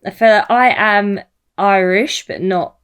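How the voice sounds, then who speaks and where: A young woman chatting on a podcast. She giggles a lot and rambles from one thought to the next. Her voice sits at an ordinary middle pitch. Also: measured pace, smooth. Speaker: podcast co-host. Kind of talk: casual podcast chat.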